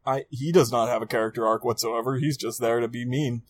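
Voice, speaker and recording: A man's voice: medium pitch, fairly even intonation, a little fast. Dry man recapping a film plot. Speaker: podcast co-host. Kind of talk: casual film review chat.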